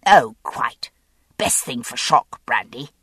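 A woman voicing a fussy older male admiral who talks in a querulous, pompous way and drops into hoarse whispers. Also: lively intonation, slow pace, fairly bright tone, no echo, heavily acted. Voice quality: high, querulous. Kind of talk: audiobook character voice.

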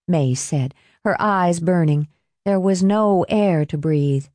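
A woman reading a novel aloud in a measured, expressive narration. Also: on the low side, no room sound. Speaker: audiobook narrator. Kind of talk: scripted narration.

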